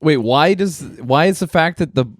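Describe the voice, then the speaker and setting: A man's voice: on the high side, normal speed, no echo, studio quality. A young man co-hosting a comedy podcast, chiming in with loose, profane reactions and side comments. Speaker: podcast co-host. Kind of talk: casual comedic banter.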